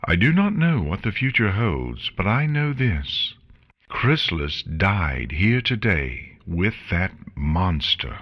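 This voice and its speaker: A man reading an audiobook and voicing a young female former changeling queen who speaks quietly, earnestly and formally. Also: deep voice, sing-song, slow, heavily acted. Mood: resolute. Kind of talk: audiobook reading of fan fiction.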